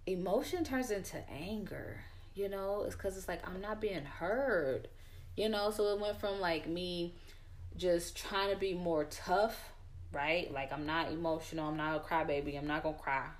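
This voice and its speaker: A woman's voice: fairly low pitch, unhurried. A young woman in a casual chat, talking candidly and full of fillers as she tells her own story.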